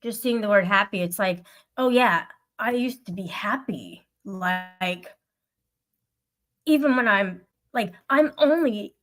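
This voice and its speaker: A woman livestreamer venting to her live chat, upset and swearing in an aggrieved rant. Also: mid-range voice. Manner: aggrieved, profane ranting.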